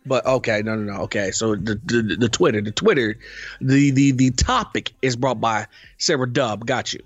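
A man co-hosting a podcast in casual chat, animated and emphatic, often repeating himself. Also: mid-range voice, moderate pace, slightly rough, no room sound, muffled recording. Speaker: podcast co-host.

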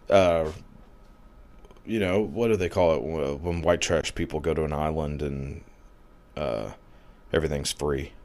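A man with a deep, low-pitched voice rants in a crude, sarcastic way, swearing often. He fills his sentences with "like" and "I mean" as he piles up mocking complaints. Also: fairly even intonation, measured pace, pauses often, a little mellow. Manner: crude, sarcastic, heavy use of filler "like". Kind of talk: profane comedic rant.

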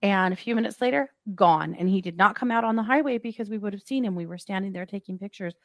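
A woman's voice: mid-range voice, fast talker, no echo. Woman retelling a road-trip story. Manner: lively retelling with acted-out quotes. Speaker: true crime podcast co-host. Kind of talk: casual storytelling chat.

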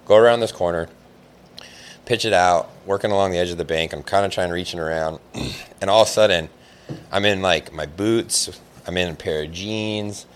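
Very deep-voiced man telling a rambling story. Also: moderate pace. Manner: rambling, animated, heavy use of "like". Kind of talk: casual storytelling chat.

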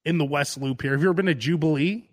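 A man, co-hosting a casual comedic chat show, telling an animated story full of acted-out quotes and frequent laughter. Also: fairly high pitch, quick pace. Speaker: podcast host.

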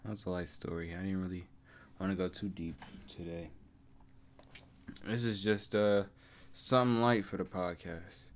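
With a low, steady voice at normal speed and long pauses, a young man hosts his own podcast. He tells stories casually, using lots of slang, and laughs a lot.

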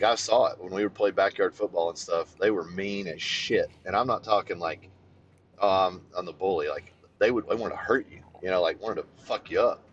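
A man co-hosting a podcast, telling a childhood story in casual chat, swearing freely, and getting animated as he goes. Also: lo-fi sound, slight background noise. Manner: animated, swears freely, voice jumps high when excited. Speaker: podcast co-host.

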